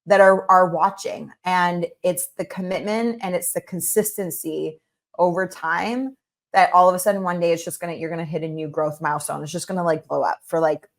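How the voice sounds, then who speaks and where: A woman's voice: fairly low pitch, fairly even intonation, fairly quick. Effusive woman podcast host. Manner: encouraging, effusive, heavy use of "like". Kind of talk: casual interview chat.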